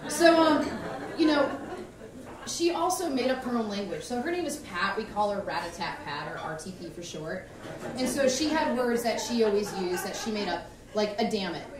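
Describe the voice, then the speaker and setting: A woman doing a stand-up set, telling animated, self-mocking stories about her mother on a comedy club stage. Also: medium pitch, normal speed. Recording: echoey club from far off, crowd.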